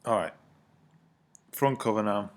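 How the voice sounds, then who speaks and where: A man's voice: on the low side, measured pace. A man teaching in a recorded lesson walkthrough, informal and self-correcting, with apologetic asides.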